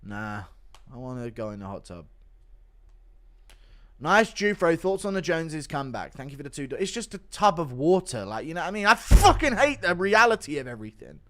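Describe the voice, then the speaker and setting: A man chats casually on a livestream and reads out viewer donations. He mumbles low and flat in a downbeat way, then his pitch leaps up into loud, swearing rants. His voice swings widely between those two modes. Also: a little fast. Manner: swears freely. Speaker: streamer.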